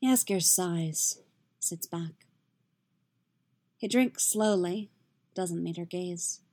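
A woman reading a story aloud in a soft, steady, intimate narration. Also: lowish voice, drawn-out words. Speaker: reader. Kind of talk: audiobook-style fiction reading.

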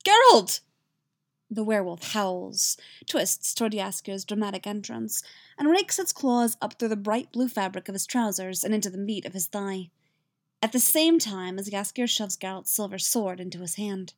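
A woman reading fan fiction aloud, in an expressive storytelling manner. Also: medium pitch, moderate pace. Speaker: reader.

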